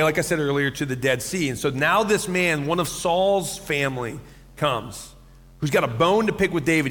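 High-voiced animated pastor in a reverberant hall. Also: male voice. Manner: animated storytelling with acted-out quotes and laughs. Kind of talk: sermon.

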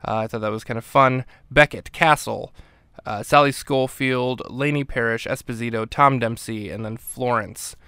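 A male podcast host talks through a TV episode in a relaxed, rambling way, full of ums and uhs. His voice is smooth and clear, recorded dry and close with no room sound. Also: mid-range voice, normal speed, dry recording. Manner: relaxed, rambling with many fillers. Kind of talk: casual episode recap.

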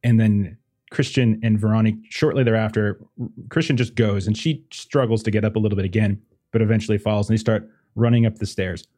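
A man's voice: on the low side, fairly even intonation, brisk, mellow. A man narrating as game master in a rambling, loose way. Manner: rambling, full of fillers and restarts.

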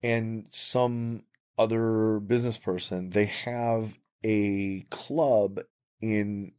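A man with a fairly low voice talks casually as a podcast co-host. He gives blunt, opinionated takes and often stops and restarts mid-thought. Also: fairly even intonation, darkish tone, clean tone. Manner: opinionated, frequent restarts, drawn-out phrasing. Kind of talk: casual chat.

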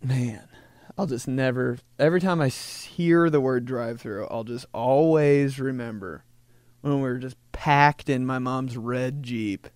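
A man hosting a podcast, joking through a rambling casual monologue and slipping into quick voices for people. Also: medium pitch, a little mellow, clean tone, no room sound. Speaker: podcast host.

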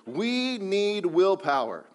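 A man's voice: high-pitched, takes it slowly, clear, resonant tone, voice pushed up, heavily acted. A man voicing a sensible, earnest male frog while reading a storybook aloud in a sermon. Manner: calm, reasoning storybook voice.

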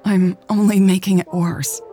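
A woman reading the part of a gruff, awkward woman who speaks curtly and coolly. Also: mid-range voice, little pitch movement, measured pace, mellow, faint music behind, natural voice. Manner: gruff, curt. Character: gruff, awkward grown woman, cool and blunt.

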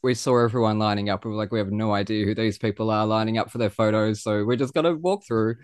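A man's voice: on the low side, fast talker, clear, resonant tone, no echo, clean studio sound. A man, hosting a podcast and talking in a gushing, emotional way. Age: 30s. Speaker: podcast host. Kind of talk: casual chat.

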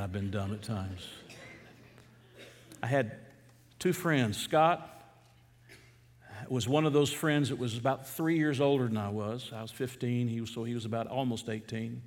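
A man's voice: fairly low pitch, a little mellow, in a large hall. A middle-aged man from Atlanta, preaching a sermon as a pastor in a conversational, storytelling way with fervent emphasis. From Atlanta, USA.

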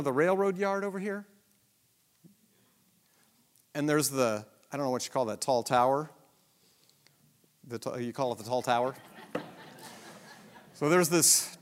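A man preaching a Bible lesson, animated and self-deprecating, asking the audience many rhetorical questions. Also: high-pitched. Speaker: pastor. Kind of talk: sermon-style Bible teaching.

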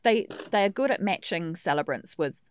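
A woman's voice: on the low side, lively intonation, moderate pace, slight background noise. A New Zealand woman in her fifties, a funeral celebrant, chatting in an interview. She laughs easily and acts out the voices of the people she quotes. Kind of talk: casual interview chat.

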